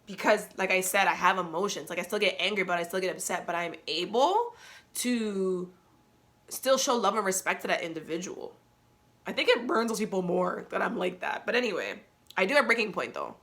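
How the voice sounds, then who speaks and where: A young adult woman hosting a podcast, telling a personal story in a candid, slangy, animated way. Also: medium pitch, brisk. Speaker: podcast host.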